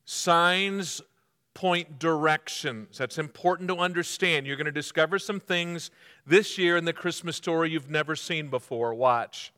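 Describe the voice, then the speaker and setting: Man, pastor, sermon, interactive teaching style, smooth resonant voice, long hall reverb. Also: fairly high pitch, unhurried, pushed and bright. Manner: interactive, asks the congregation to mark their notes; poses quiz questions and answers them himself.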